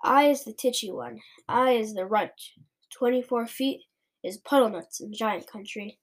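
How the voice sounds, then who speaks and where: A woman's voice: fairly high pitch, a little slow. A woman voicing a big, kindly male giant who mangles his words, in a storybook read-aloud. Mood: earnest. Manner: mangles words, gentle and earnest.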